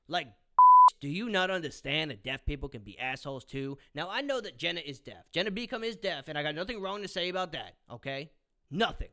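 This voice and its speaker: A man's voice: fairly high pitch, sing-song, brisk, sharp tone. A young man ranting profanely about a movie review in a combative vlog, swinging between mutters and outbursts. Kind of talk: ranting commentary.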